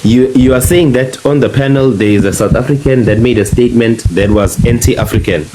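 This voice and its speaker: A man's voice: medium pitch, fairly quick, background noise. A man hosting a live-stream panel debate, pressing a guest with firm, cross-examining questions. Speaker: panel host.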